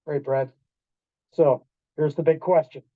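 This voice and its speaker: A man giving a storytelling talk to an audience in a restaurant event room, animated, acting out quoted voices and quizzing the listeners. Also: fairly high pitch, unhurried, dry recording. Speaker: keynote speaker. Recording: dull lo-fi dry sound.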